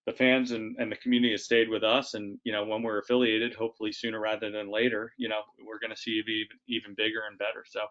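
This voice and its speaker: Low-ish voiced team boss talking earnestly, muffled video call sound. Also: male voice, level tone, quick pace, hardly any pauses, fairly bright tone. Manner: earnest, many "you know" and "um". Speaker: team president. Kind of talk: conversational answer. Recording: dull video-call audio.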